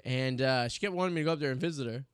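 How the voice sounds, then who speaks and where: A man's voice: medium pitch, rapid-fire, clear, resonant tone, no room sound, studio quality. A man in his thirties hosting a casual podcast, telling long rambling stories full of restarts and fillers. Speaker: podcast host. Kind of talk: casual chat. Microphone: studio mic.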